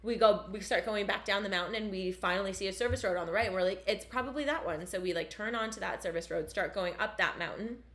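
A young woman from Canada telling a story in casual chat, animated and full of swearing and "like" fillers. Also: fairly low pitch. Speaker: storyteller guest.

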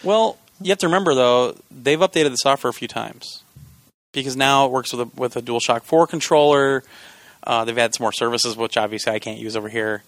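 A man co-hosting a gaming podcast, chatting casually, joking and swearing excitedly. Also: medium pitch, brisk, dry recording. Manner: animated, swears and jokes, excitable. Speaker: podcast co-host. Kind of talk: casual chat.

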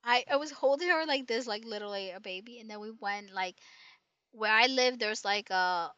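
A woman's voice: on the high side, normal speed, bright, forceful tone, smooth, dry recording, highs cut off. A woman in casual chat, telling a long rambling story full of restarts and tag questions.

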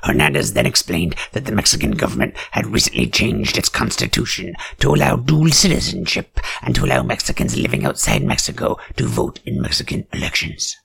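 Gravelly sarcastic man, deadpan then shrill. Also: a little fast, hardly any pauses. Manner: deadpan reading broken by shrill outbursts. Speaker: satirical commentator. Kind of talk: sarcastic reading with mock-outraged asides.

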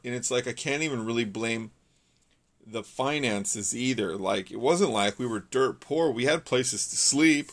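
A young man from California speaks in an earnest, rambling way, often restarting his sentences. His pitch sits in the ordinary middle range. It sounds like a personal testimony told to the listener.

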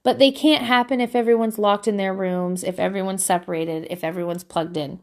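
A woman's voice: medium pitch, fairly even intonation, fairly quick, darkish tone. A woman, a mother, talking casually and candidly about parenting, laughing often and swearing now and then. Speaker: parent sharing advice. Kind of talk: casual parenting vlog monologue.

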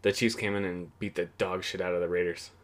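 Profane rambling young man, slightly low voice. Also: flat delivery, fast talker. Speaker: podcast host. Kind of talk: casual solo football podcast recap.

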